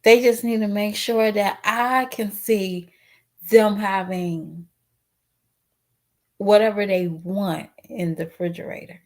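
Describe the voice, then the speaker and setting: A woman's voice: mid-range voice, steady tone, takes it slowly. A woman vlogger talking straight to her viewers in a casual, outspoken, emotional way, sometimes tearful with a cracking voice. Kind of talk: casual commentary vlog.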